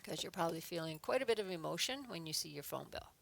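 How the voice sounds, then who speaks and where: Lady teacher going over grammar slowly, kinda gravelly lowish voice. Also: expressive. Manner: patient, explains step by step, reads example sentences aloud with emphasis. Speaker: adult education teacher. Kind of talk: online grammar lesson.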